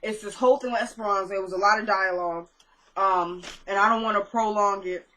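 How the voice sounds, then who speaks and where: A woman with a bright, forceful voice at an ordinary middle pitch talks through a TV episode in a casual recap. She retells scenes in a loose, slangy way and keeps jumping into the characters' dialogue. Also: steady tone, brisk, low-quality recording. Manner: chatty, slangy retelling that jumps into quoted dialogue.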